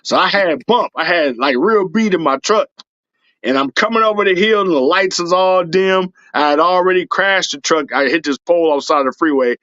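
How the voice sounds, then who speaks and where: Profane, animated man telling stories. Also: sits high, moderate pace, no echo, dull audio. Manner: profane, animated, breaks into shouts and laughs. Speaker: podcast guest, superfan. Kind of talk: casual storytelling.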